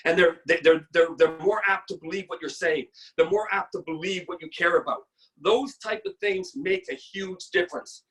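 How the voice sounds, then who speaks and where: A woman in her sixties giving a blunt, energetic motivational sales training talk on a video call. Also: on the high side, far from the mic.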